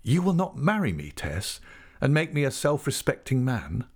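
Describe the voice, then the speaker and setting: A man voicing an insistent, hot-tempered gentleman suitor who questions forcefully. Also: medium pitch, huge pitch swings, normal speed, breathy edge, pitched above the performer's own voice, heavily acted.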